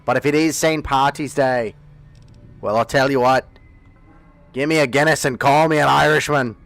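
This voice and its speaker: A man's voice: medium pitch, natural voice. A man putting on a boisterous stage Irishman. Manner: loud, boisterous put-on brogue. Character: jovial stage Irishman on holiday.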